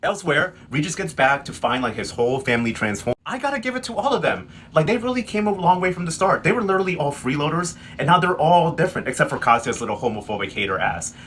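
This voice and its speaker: A man giving a sassy, slang-heavy casual recap, quickly acting out characters' lines. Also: on the high side, sing-song, a bit bright, slight background noise. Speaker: recap host. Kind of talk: casual comedic recap narration.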